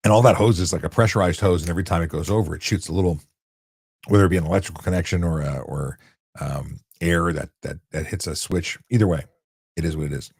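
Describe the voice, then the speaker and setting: A man's voice: sits low, quick pace, gravelly, darkish tone, slightly rough, no echo, clean studio sound. A man hosting a casual live question-and-answer stream about traffic law, talking bluntly and conversationally with frequent restarts. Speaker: host answering viewer questions.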